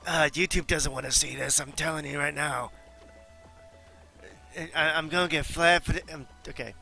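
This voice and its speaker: A man's voice: fairly high pitch, fairly even intonation, moderate pace, gravelly, pushed and bright, faint music behind. A man reading a game's dialogue aloud with joking, incredulous commentary. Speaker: gamer reading a visual novel aloud. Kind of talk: let's play commentary and reading.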